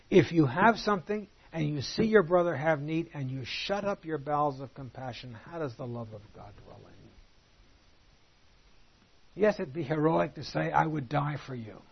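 A man teaching through a Bible passage in a conversational way, asking rhetorical questions and reading scripture slowly and deliberately. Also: fairly high pitch, vocal fry, husky, lo-fi sound.

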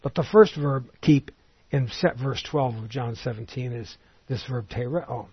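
A man giving an expository Bible teaching in a measured, explanatory way, reading scripture aloud as he goes. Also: mid-range voice, husky, no echo, lo-fi sound.

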